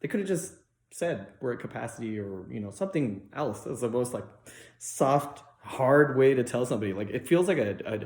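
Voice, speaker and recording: A young man performs loose, unrehearsed stand-up, rambling with constant fillers and restarts. He jumps into high, mocking voices to act out the people in his stories. His voice has an ordinary middle pitch and carries the echo of a roomy space. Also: expressive, normal speed, darkish tone. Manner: rambling storytelling with many likes and restarts; acts out other people in raised mock voices. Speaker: stand-up comedian.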